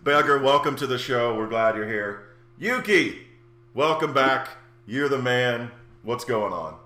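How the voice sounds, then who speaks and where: A man's voice: medium pitch, animated, measured pace, bright, forceful tone. A man hosting a comedy game show podcast, with a profane, exasperated manner. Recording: roomy echo with faint hum.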